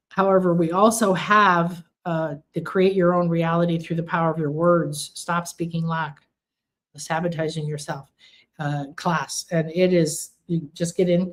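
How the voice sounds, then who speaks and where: Hosting a live stream of spiritual readings, a woman with a lowish voice chats with her viewers. She is earnest and emphatic, repeating words for stress.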